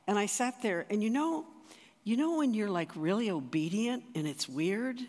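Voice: medium pitch, animated, normal speed, a little mellow. A speaker giving a sermon through a personal story, talking conversationally with frequent restarts. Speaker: speaker at a church or retreat. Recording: reverberant hall.

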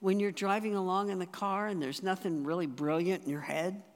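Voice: medium pitch, steady tone, a little fast. Conversational speaker in a reverberant hall. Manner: conversational, with frequent restarts and fillers. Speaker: speaker at a church or retreat. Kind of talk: sermon with personal storytelling.

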